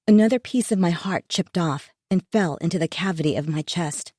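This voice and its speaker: A woman reading a first-person thriller audiobook in a measured, tense, inward storytelling manner. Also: on the low side, mellow, dry recording, studio quality. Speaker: audiobook narrator.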